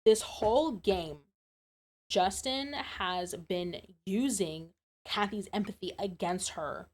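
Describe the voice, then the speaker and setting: Gushing, animated woman streamer. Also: medium pitch, takes it slowly. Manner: animated, gushing, swears casually. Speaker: streamer playing a story game. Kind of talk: casual live-stream chat.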